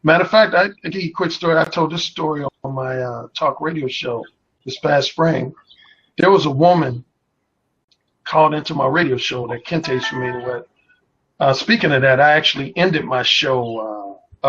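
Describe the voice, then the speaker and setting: A man's voice: mid-range voice, moderate pace, fairly bright tone, husky, lo-fi sound. A man who is a radio host, telling bold, explicit stories as a guest in a casual chat.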